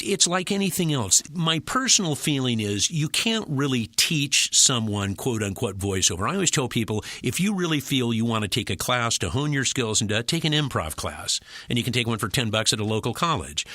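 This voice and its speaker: A man, a working voice-over actor, chatting in an interview and telling animated stories that slip into quick character voices. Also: mid-range voice, dry recording. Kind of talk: casual interview chat.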